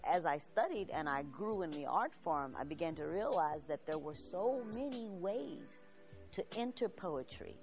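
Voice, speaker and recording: A woman's voice: mid-range voice, a little mellow, lo-fi sound. A middle-aged woman poet talking thoughtfully in an interview about her path into poetry. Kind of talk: reflective interview.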